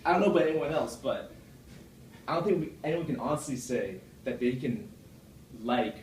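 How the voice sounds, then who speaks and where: A man's voice: expressive, moderate pace, darkish tone, slight background noise. A man giving a rambling, self-deprecating club speech full of fillers and restarts, recorded from across a meeting room. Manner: puts on a deeper voice from the chest. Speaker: club speaker. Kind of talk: prepared speech. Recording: echoey room from far off.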